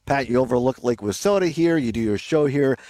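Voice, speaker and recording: A man hosting a live radio show outdoors by a lake, chatting casually with quick laughs and self-corrections. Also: medium pitch, animated, darkish tone, no echo. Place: outdoors by a lake, remote broadcast.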